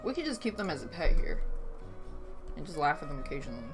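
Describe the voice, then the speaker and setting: A woman with a slightly low voice chats on a livestream, reading viewer messages aloud and tossing off dry, sarcastic replies. Soft music plays faintly behind her. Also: sing-song, fast talker. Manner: reads chat aloud and reacts with dry sarcasm. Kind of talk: casual stream chat. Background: faint background music.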